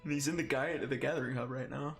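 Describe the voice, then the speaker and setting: A man's voice: medium pitch, steady tone, fast, vocal fry, music in the background. A man chatting casually on a gaming stream who often laughs through his own stories and swears freely.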